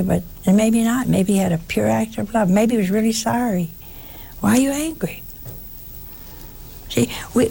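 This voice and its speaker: A woman preaching a sermon in a slow style, asking the listeners rhetorical questions and breaking into animated exclamations. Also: on the high side, creaky, slightly rough.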